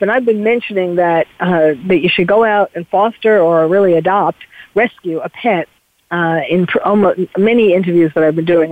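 A woman's voice: mid-range voice, no echo. New York woman hosting advice radio. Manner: chatty, hesitant with many ums and restarts. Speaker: radio show host, psychologist. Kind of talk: casual advice talk. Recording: dry tinny phone-like sound.

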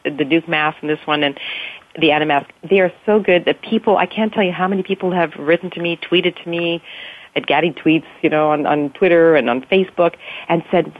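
A woman's voice: sits low, brisk. A woman actress talking about her work in a casual interview, gushing and enthusiastic, often restarting her sentences. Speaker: actress guest. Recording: tinny phone line.

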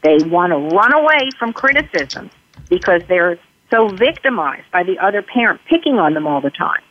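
Woman guest expert, calm step-by-step explainer, phone-line audio. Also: mid-range voice, normal speed. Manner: calm, explains in numbered steps, acts out sample dialogue. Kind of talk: interview answers. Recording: tinny phone-line sound.

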